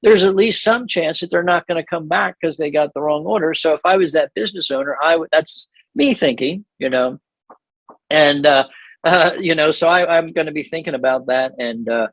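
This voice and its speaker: A middle-aged man teaches a church seminar in a loose, conversational way, often restarting sentences and laughing lightly. His voice sits a little high for a man. The sound is dry and close, with little room in it. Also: moderate pace, fairly bright tone, dry recording, poor audio. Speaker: pastor leading a seminar.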